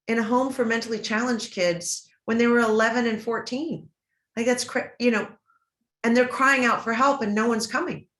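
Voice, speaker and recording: A woman's voice: fairly high pitch, a bit bright. Earnest middle-aged woman, echoey room. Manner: emotional, earnest, halting with many restarts. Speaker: interview guest. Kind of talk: personal storytelling in an interview. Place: event stage or hall.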